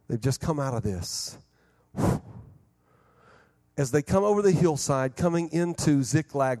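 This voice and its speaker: A middle-aged man preaching a sermon, telling stories with lively sound effects and restarts. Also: medium pitch. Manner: animated storyteller who acts out scenes with vocal sound effects; repeats and restarts words in bursts. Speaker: pastor. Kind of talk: sermon with storytelling.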